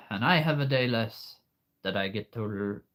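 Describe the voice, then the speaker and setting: A man's voice: fairly low pitch, animated, unhurried, noisy background. A man with a sore throat hosting a casual livestream chat in an easygoing way. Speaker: livestream host. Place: home livestream.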